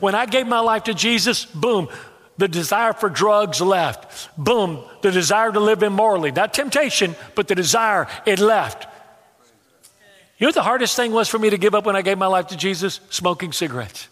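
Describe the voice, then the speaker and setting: A male pastor with a high, bright-toned voice delivers an animated, joking sermon, often doubling back on his words as he goes. His voice carries a long reverb, as if ringing through a big church hall. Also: moderate pace. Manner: animated, humorous storytelling with repetitions and stammered restarts.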